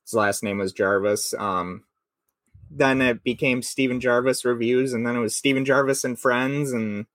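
A man's voice: mid-range voice, steady tone, moderate pace, a bit bright, dry recording. Man in his late twenties, Minnesota accent, dry close sound, rambling host on a video call. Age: 20s. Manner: rambling, many fillers and restarts. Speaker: podcast host. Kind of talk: casual video call interview.

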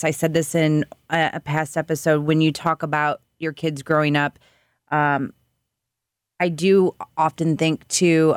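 Thirties woman cohost, really low voice, gets emotional, dry close mic. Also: clear, resonant tone, no echo. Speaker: podcast co-host. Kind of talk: casual chat.

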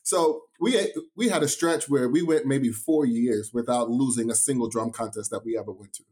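A man's voice: mid-range voice, moderate pace, darkish tone. A man from New York, a drumline instructor, telling his story as a guest in a casual podcast interview with enthusiastic emphasis.

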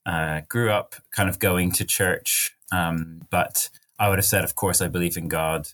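A man's voice: deep voice, fairly even intonation, a little slow, a bit bright. A young man from rural Virginia with a mid-Atlantic accent, a pastor talking earnestly as a podcast guest. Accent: mid-Atlantic, American with British traces. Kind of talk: casual podcast conversation.

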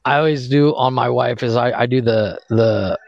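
A man's voice: mid-range voice, normal speed, creaky, no room sound, dull audio. A man co-hosting a podcast, teasing his co-host and swearing as they trade stories. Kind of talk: crude casual banter.

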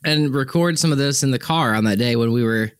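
A man's voice: medium pitch, a little fast, clear, resonant tone, no echo. A man co-hosting a podcast, telling rambling stories with sarcastic asides. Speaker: podcast co-host. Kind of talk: casual chat.

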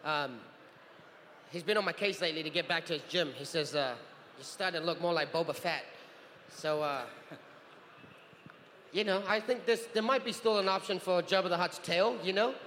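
A man in his thirties from New Zealand, telling animated stories as a guest on a convention panel and acting out other people's voices. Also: sits high, moderate pace, pauses often. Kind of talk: anecdotal storytelling. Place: large convention hall. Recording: convention hall with reverb and faint noise.

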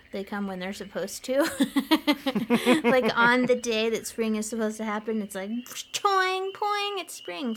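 A woman's voice: mid-range voice, slight background noise. A woman from Colorado co-hosting a podcast, telling stories in a chatty, giggly way. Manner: chatty and giggly, animated storytelling. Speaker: podcast co-host. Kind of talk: casual chat.

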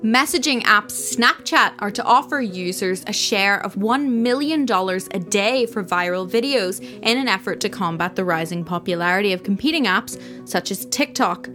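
A woman co-hosting a comedy news podcast, reading scripted headlines with crisp, punny delivery. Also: a little high, bright, forceful tone.

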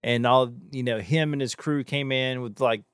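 A man's voice: medium pitch, fairly even intonation, normal speed, clean tone, no room sound, clean studio sound. A man chatting casually as a podcast co-host, rambling with many fillers and restarts. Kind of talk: casual chat.

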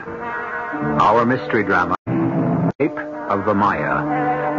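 A low, expressive voice of a middle-aged male host narrating with wry, measured theatricality. Music plays behind him, and the sound is dull and lo-fi, like an old radio broadcast.

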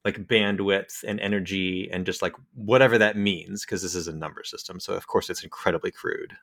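A man's voice: low-pitched, steady tone, a little fast, creaky, a bit bright. A man hosting a podcast, supportive and a bit hesitant, often restarting his sentences. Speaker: podcast host. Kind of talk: casual podcast conversation.

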